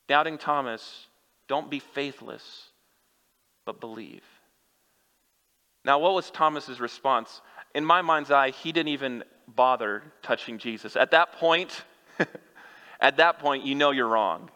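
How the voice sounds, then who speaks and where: A man preaching an unhurried sermon in a bright, forceful voice. His earnest address to the congregation rings out with a long hall reverb, as in a church sanctuary. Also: medium pitch, smooth. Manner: earnest direct address to listeners. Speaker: pastor.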